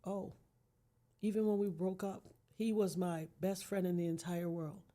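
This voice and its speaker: Earnest woman, mellow and low. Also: fairly even intonation, measured pace. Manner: earnest, emphatic, preacher-like. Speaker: podcast guest. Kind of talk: heartfelt personal conversation.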